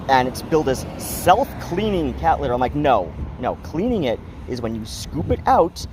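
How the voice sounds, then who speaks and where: A man talking casually in a vlog, rambling and full of fillers, now and then cooing to his cat. His pitch rises and falls a lot. Loud traffic noise surrounds him outside. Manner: rambling, many fillers, affectionate baby talk to cat. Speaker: cat owner vlogger. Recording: noisy outdoor recording with traffic.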